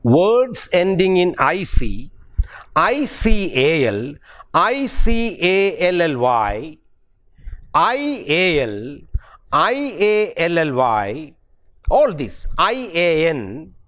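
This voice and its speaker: A man's voice: a little high, very animated, very slow, a bit bright. A middle-aged man with an Indian English accent teaching pronunciation, spelling words out letter by letter and repeating key words. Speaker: university English professor. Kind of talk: pronunciation lecture.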